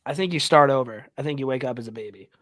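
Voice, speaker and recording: A man's voice: mid-range voice, very fast, fairly bright tone, no room sound. A man co-hosting a podcast in casual chat, teasing and joking with his guests. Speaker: podcast co-host.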